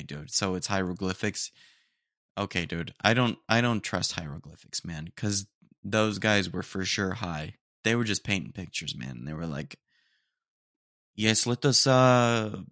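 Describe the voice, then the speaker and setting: A young man rambles through a casual solo podcast, piling on slang and mock outrage. His voice sits fairly low, and the sound is close and dry with no room in it. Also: a bit bright, no room sound. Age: young adult. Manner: rambling, slangy, says "dude" often, mock-indignant. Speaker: podcast host. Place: room at home, roommates nearby.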